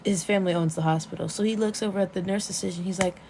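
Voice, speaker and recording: A woman vlogger in a casual, excitable rant, retelling a webcomic plot with plenty of swearing and outbursts. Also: on the low side, fast, gravelly, a little hiss or hum. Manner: excitable and profane, storytelling with gasps and outbursts.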